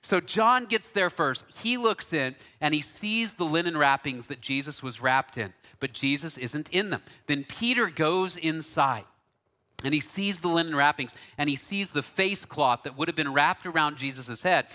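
A man delivering a sermon, earnest and animated as he tells the story. His voice sits a bit high and has a sharp, forceful edge. It rings with long reverb from a big church auditorium. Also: moderate pace. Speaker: pastor.

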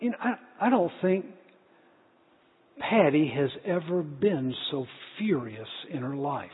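A man's voice: on the high side, lively intonation, slow, slightly rough. A middle-aged man preaching a sermon, telling a family story earnestly with small restarts. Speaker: pastor. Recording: tinny phone-like sound in a reverberant hall.

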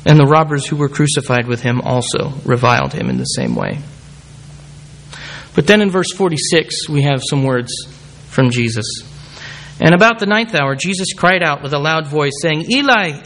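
A man's voice: a little high, sing-song, moderate pace, fairly bright tone. A man preaching a sermon, reading scripture aloud and calling the congregation forward. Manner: calls the congregation forward at the close.

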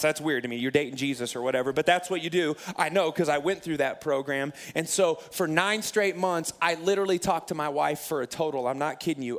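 A man in his thirties, a pastor telling a personal story in a sermon, animated and self-mocking, acting out his own past lines. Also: a little high.

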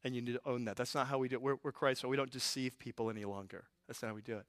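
A man voicing a gentle, fatherly male Holy Spirit figure who quietly corrects the listener in a soft, hushed tone. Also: medium pitch, steady tone, very fast, no echo, studio quality, voice pushed down, close to an everyday voice.

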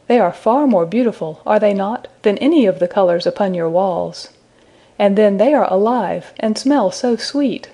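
A woman voicing an innocent, curious young woman who asks gentle, wondering questions, in a storybook reading. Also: medium pitch, animated, moderate pace. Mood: gentle, coaxing.

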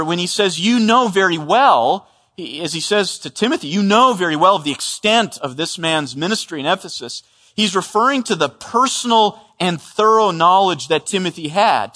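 A man's voice: sits high, pushed and bright. A man preaching an expository sermon as a pastor, earnest and emphatic, often restarting and repeating words. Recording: long reverb of a large hall.

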